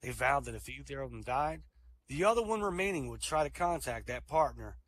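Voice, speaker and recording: Animated man telling jokes. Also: mid-range voice, a little fast. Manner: animated storyteller, acts out quoted lines. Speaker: comedian. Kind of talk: joke telling at an online comedy show.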